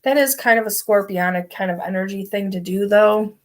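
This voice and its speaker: A tarot card reader speaks to a camera in front of her while sitting in bed, her medium-pitched voice moving at normal speed. The reading is casual and rambling, thick with fillers, especially "like".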